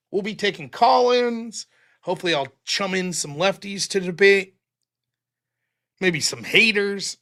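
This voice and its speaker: Rambly guy streamer talking movies late at night, swears a lot, highish voice. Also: bright, forceful tone. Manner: rambling, profane, lots of fillers. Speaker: live-stream talk show host.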